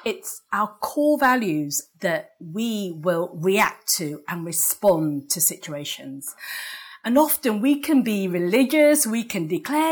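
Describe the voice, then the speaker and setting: An English woman delivers a sermon at an unhurried pace. Her tone is conversational, and she keeps asking the congregation for an amen. She often laughs lightly at her own asides. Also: medium pitch, sing-song. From England. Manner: conversational, asks the congregation for amens, laughs at herself. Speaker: preacher.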